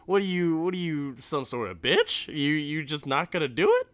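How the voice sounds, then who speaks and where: A man's voice: on the high side, big pitch swings, moderate pace, fairly bright tone, no echo, voice pushed up. A man putting on the voice of a cocky male gambler who mocks his rival. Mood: gloating, taunting. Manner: mocking, taunting.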